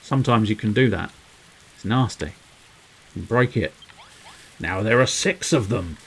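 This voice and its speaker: A man's voice: medium pitch, expressive, normal speed, pauses often, a little hiss or hum, rough recording. A man streaming a game, rambling playfully to his viewers with cheeky innuendo. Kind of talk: casual livestream commentary.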